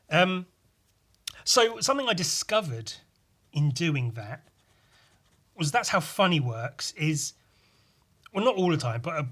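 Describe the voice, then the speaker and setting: A man's voice: a little high, a bit bright. A young man hosting a solo podcast, rambling in a meandering way with lots of swearing. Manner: meandering, full of fillers and swearing. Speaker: podcast host.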